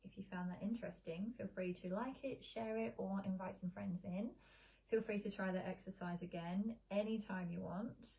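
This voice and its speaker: A middle-aged woman, a meditation teacher, giving a slow, soft, soothing guided meditation and then chatting casually on a live stream. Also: mid-range voice, steady tone, vocal fry, poor audio. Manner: soft, slow, soothing guidance with gentle pauses. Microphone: streaming live on a social video stream.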